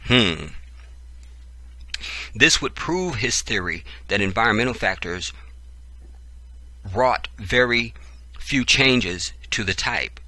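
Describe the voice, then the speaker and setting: A man's voice: lowish voice, a little slow, pushed and bright, no echo. A man hosting his channel, reading a book aloud and breaking off into profane, preachy commentary. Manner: profane, preachy asides between read passages. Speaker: channel host.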